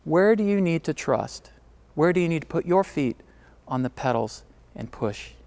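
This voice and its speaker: Emphatic male keynote speaker, fairly high voice. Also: lively intonation, moderate pace, vocal fry. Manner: emphatic, swings from driving to hushed. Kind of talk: storytelling keynote speech.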